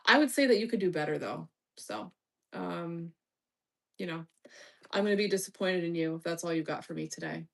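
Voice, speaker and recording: A woman's voice: fairly low pitch, brisk, gravelly. Bossy, teasing woman streamer. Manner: swears, distracted and muttering. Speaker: livestream host reading chat. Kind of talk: casual live-stream chat.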